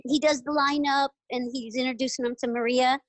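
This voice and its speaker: High-pitched lady chatting away on a podcast, acting out voices, very dry mic. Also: a little fast, no echo, rough recording. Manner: animated, laughing, acts out quoted voices. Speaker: guest, retired jockey. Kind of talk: casual interview storytelling.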